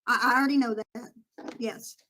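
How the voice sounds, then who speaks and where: A woman's voice: a little high, steady tone, moderate pace, sharp tone, a little hiss or hum. A woman doing a stammering fake-Southern poser. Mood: nervous. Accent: put-on Southern US. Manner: stammering, nervous, eager to fit in. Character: vain outsider in disguise, faking a Southern accent. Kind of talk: comedic role-play.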